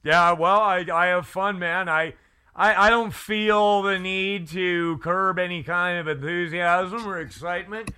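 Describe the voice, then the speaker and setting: A man from Canada hosting a radio talk show, loud and excitable, bantering off the cuff and laughing often. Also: sits high, a little slow, clean tone.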